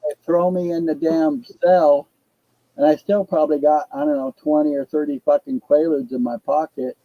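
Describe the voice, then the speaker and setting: An older man tells a story in a loose, profane, rambling way. His voice sits a little high for a man. The recording is dry and muffled, with a lo-fi dullness. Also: steady tone, normal speed, dry recording. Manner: profane, rambling, laid-back. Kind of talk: casual storytelling.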